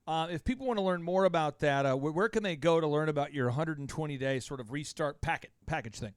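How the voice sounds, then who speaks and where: A high-pitched man hosts a talk-radio show, reacting excitably and laughing easily. He speaks into a studio microphone with a dry, close sound. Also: fast talker, clear, resonant tone, dry recording. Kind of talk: casual talk-radio interview.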